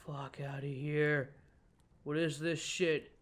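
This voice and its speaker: A young man narrates a horror game as he plays, cursing and joking his way through the scares. His voice sits a bit high, and he swings from loud yelps to quick, nervous mumbling. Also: little pitch movement. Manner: profane, jumpy, jokey running commentary; swings between loud outbursts and nervous mutters. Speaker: let's play gamer.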